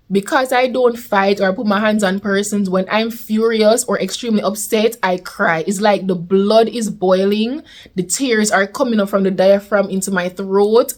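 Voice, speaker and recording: A young woman with a Jamaican accent telling a storytime vlog in a lively way, slipping into patois. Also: medium pitch. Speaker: vlogger. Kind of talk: casual storytime.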